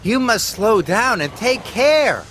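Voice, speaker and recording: A man's voice: sits high, very animated, slow pace, fairly bright tone, a little hiss or hum, pitched above the performer's own voice, exaggerated voice. A man voicing a kind, careful old male steam engine in a storybook reading. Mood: warning.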